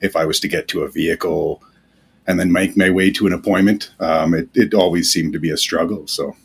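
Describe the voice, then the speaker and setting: A man talking as a podcast guest in a candid, halting way, with many pauses and fillers. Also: sits low, fairly even intonation, creaky, slightly rough. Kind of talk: casual podcast interview.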